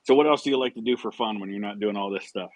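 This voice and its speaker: A man's voice: lowish voice, fast, dry recording. A man hosting a casual live chat, asking questions with stammered restarts and short replies in between. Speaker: host.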